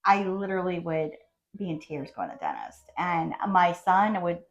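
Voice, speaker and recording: A woman's voice: lowish voice, sing-song, moderate pace, creaky, dull audio. Emotional middle-aged woman sharing her story. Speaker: patient guest. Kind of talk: casual podcast interview.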